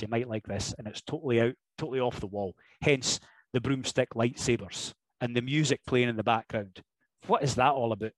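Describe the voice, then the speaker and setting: A man's voice: mid-range voice, no room sound, poor audio. A man with a Scottish accent, a wrestler chatting as a podcast guest, telling jokey stories with lots of energy. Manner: animated, jokey storyteller who slips into impressions and laughs. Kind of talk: casual podcast interview chat.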